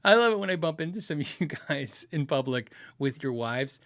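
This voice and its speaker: Middle-aged guy doing a live q&a stream, laughs a lot, bright voice, pitch jumping all over. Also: normal speed. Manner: laughs often, animated storytelling with quoted voices. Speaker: podcast host answering viewer questions. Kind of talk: casual live-stream chat.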